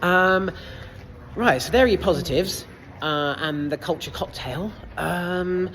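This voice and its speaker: A woman's voice: lowish voice, slow, a bit bright, slight background noise. A woman reviewing a film casually in a cinema foyer, hesitant, with many fillers and casual swearing. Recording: long reverb in a foyer.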